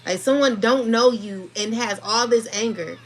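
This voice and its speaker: A woman's voice: fairly high pitch, moderate pace. A woman giving a casual spiritual tarot reading, talking in a chatty, slangy, laughing way. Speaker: tarot reader.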